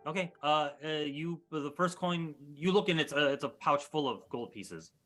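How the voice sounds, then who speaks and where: A male game master narrates a tabletop game in a bright, forceful voice pitched a little high. He talks casually, full of ums and uhs, with faint music underneath. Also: normal speed. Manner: casual, filler-heavy.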